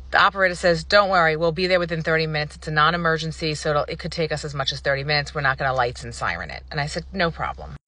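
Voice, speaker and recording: Woman, vlogger, casual storytelling, bright forceful tone, slightly husky, indignant retelling. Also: lowish voice, no room sound. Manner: animated, indignant retelling with acted-out quotes. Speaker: vlogger telling a personal story.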